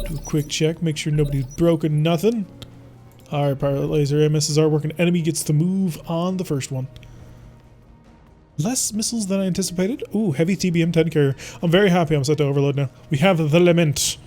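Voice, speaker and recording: A fairly high, mellow voice with fairly even intonation comes from a man talking a little fast over faint music. He offers playful, theatrical commentary on a strategy game in let's-play style and addresses his foes.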